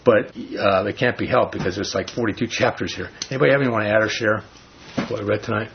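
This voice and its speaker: A man leading a Bible study, reading scripture slowly and then explaining it in loose, casual talk with a husky voice. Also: fairly low pitch, fairly even intonation, a little hiss or hum. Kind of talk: informal Bible study teaching. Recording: dull lo-fi recording.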